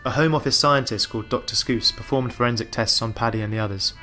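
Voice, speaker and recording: Male documentary narrator, fast-paced scripted read, guitar music underneath. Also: mid-range voice, sharp tone.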